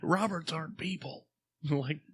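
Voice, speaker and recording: Guy with a high voice, cohosting, teases his buddy and cracks up a lot. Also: unhurried, breathy edge. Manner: giggly, teasing. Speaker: podcast co-host. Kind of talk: casual banter.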